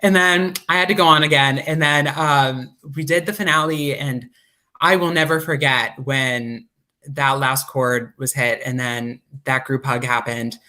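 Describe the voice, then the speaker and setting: A man's voice: mid-range voice, unhurried. Earnest man recalling a show. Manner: earnest, quotes others in animated voices. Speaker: cast member. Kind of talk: casual group reminiscing.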